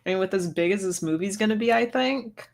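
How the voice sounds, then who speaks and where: Podcast co-host, woman, chatty and relaxed, filler-heavy. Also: medium pitch, a little fast, creaky. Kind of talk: casual chat.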